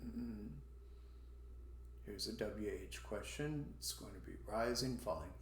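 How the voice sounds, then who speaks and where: A man's voice: fairly low pitch, slow, echoey room. A man teaching an English class, demonstrating question intonation by swooping his voice up and down. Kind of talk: online language lesson.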